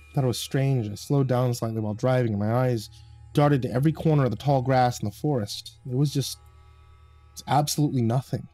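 A man reading a horror story aloud in a calm, measured storytelling voice. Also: medium pitch, no echo. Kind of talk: scripted horror narration.

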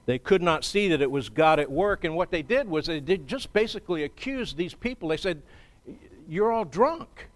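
A male pastor delivering a sermon, his voice sitting a little higher than most men's. He talks in a measured, conversational way, often pausing to gather his next thought. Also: lively intonation. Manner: measured, conversational preaching with frequent pauses. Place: church.

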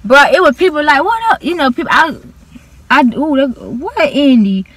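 A woman's voice: high-pitched, expressive, moderate pace, fairly bright tone. A young woman, animatedly retelling an embarrassing school story in casual storytime style, with slang and dramatic emphasis. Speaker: vlogger.

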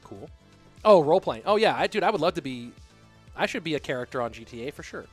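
A man's voice: on the high side, very animated, fast, faint music behind. A man hosting a live stream, rambling and joking casually as he talks straight to his viewers from his home setup. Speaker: stream host and caster.

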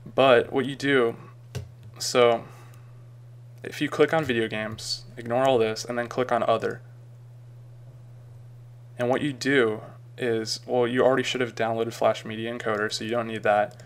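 A man talking through a screen-recorded software tutorial in a casual, rambling way with frequent ums and uhs. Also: medium pitch, flat delivery, a little slow. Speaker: tutorial maker.

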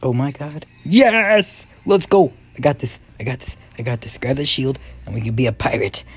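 A young man giving excitable let's-play commentary, yelping and muttering to himself as he plays. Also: mid-range voice, brisk, slightly rough. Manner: excitable, yelps and mutters to himself while playing. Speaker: gaming YouTuber.

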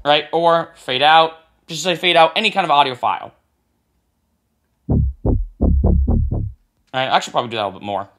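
A man giving a casual music production tutorial, talking as he clicks through software and often tagging lines with "right?". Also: on the high side, moderate pace, long pauses. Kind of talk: screen-recorded software tutorial.

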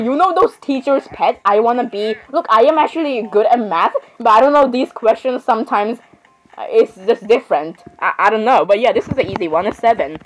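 With a slightly high, expressive voice at normal speed, a woman offers casual game commentary. She keeps saying sorry, rambles, and giggles at her asides, though the recording sounds muffled.

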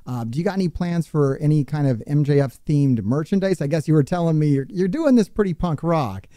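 A man hosting a relaxed interview with a mellow, warm tone. He jokes around and laughs easily. The sound is dry and close. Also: fairly high pitch, a little fast, no room sound. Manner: jokey, laughs often. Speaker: host. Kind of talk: casual interview chat.

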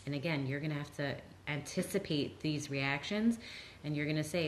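A woman with a low, deep voice answers audience questions as a therapist, earnest and reassuring. She livens up when she acts out what people might say. A soft hum of the room sits faintly behind her. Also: moderate pace. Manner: earnest, reassuring, lively when quoting others. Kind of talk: live Q&A talk.

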